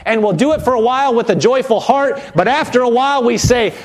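Pastor guy preaching, fairly high voice, acts out little quotes as he goes. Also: a little fast, few pauses. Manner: animated preaching, acting out quotes in character voices. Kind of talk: sermon.

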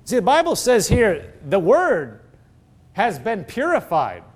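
A man's voice: high-pitched, wildly swooping pitch, slow pace. A man preaching a sermon as pastor, emphatic, throwing rhetorical questions at the congregation.

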